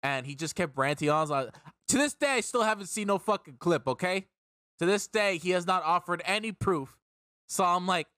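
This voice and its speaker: A man's voice: high voice, lively intonation, brisk, bright, forceful tone, dry recording, clean studio sound. A young man hosting a casual chat, telling a long story in a rambling, profane way that repeats words as he gets worked up. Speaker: streamer and podcast host.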